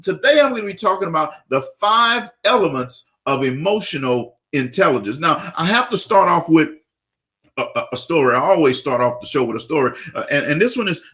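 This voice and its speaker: A man hosting a radio talk show, energetic and repetitive, often tagging on questions. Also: a little high, brisk.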